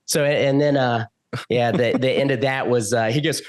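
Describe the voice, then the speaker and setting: A man telling a story as a podcast guest, acting out the quoted lines with big jumps in pitch. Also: moderate pace. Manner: animated, acts out quotes with loud jumps in pitch. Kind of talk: casual storytelling.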